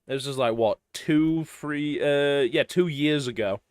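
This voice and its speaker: A man's voice: on the high side, takes it slowly, clean tone, no echo. A man streaming a video game, chatting casually and rambling with trailing sentences and swearing. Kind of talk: casual let's-play chat. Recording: game music behind.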